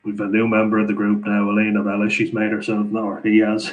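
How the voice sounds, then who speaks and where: A man's voice: fairly low pitch, monotone, fairly quick, dull audio. An Irish man hosting a casual live Q&A, chatting and laughing as he reads out viewer comments. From Ireland. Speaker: livestream host answering viewer chat.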